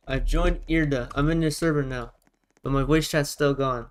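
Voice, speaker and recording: A man talking casually on a live stream while gaming, in a loud, projecting voice, often repeating himself for emphasis. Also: medium pitch, fairly even intonation, moderate pace, slight background noise, rough recording.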